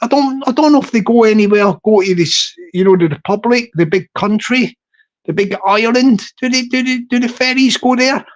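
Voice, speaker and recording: A man's voice: extremely high pitch, moderate pace, highs cut off. A middle-aged man chatting casually to his viewers in a playful, self-amused way, drawing out place names and laughing often. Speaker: YouTube streamer chatting with viewers. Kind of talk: casual rambling chat.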